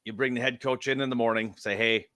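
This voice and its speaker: A man's voice: medium pitch, steady tone, quick pace, crowd noise. A man co-hosting a casual sports chat, opinionated and emphatic as he argues his points. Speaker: co-host.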